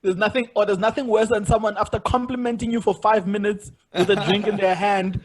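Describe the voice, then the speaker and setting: A man with a fairly high, husky voice hosts a podcast in casual conversation. He tells his stories in an animated way and laughs often. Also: a little fast. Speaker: podcast host.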